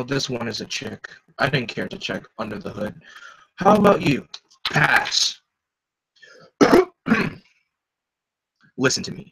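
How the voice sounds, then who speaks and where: Gravelly man chatting through a comic read. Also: mid-range voice, pushed and bright, poor audio. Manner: chatty, stops to comment and joke. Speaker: reader. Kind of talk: casual live comic reading with commentary.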